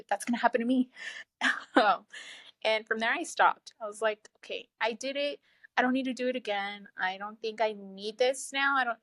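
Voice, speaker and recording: Woman in her thirties, casual storytelling, animated, laughs a lot, dry close sound. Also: no room sound. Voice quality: low, flat-sounding voice she calls sad over the phone. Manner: animated, laughs often, acts out her own thoughts. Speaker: guest telling her story.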